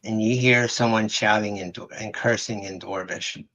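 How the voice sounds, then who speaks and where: Man, game master, low voice, relaxed matter-of-fact narration. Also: normal speed, low-quality recording.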